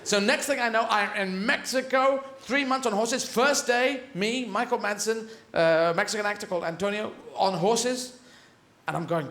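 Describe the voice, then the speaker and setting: Comedian guy on stage, animated, bit high voice, echoey theatre. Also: moderate pace. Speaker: stand-up comedian. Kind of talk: stand-up comedy performance. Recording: echoey live theatre recording.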